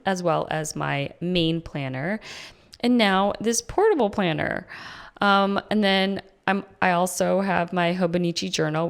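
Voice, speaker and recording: A woman's voice: on the low side, vocal fry. A young mother in a groggy morning voice, chatting casually about planning as a vlogger. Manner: rambling, chatty, with fillers. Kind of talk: casual chat.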